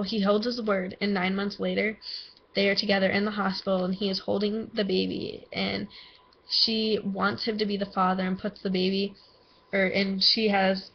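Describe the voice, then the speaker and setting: A woman's voice: mid-range voice, creaky, slight background noise. A teenage girl gives a book report for school, talking hesitantly with lots of ums and likes. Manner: hesitant, filler-heavy, with many ums and likes. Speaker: student. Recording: dull lo-fi recording with music behind.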